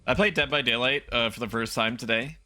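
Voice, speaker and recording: A young man streaming a horror shooter, chatting casually and breaking into loud, disbelieving yelps. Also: mid-range voice, fairly quick, background noise. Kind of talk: casual game stream commentary.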